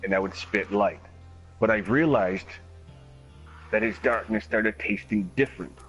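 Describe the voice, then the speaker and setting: A man streaming a game, telling a long story in a casual, animated way, acting out other people's voices and swearing often. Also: on the low side, poor audio. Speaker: gaming streamer. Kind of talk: casual storytelling while gaming.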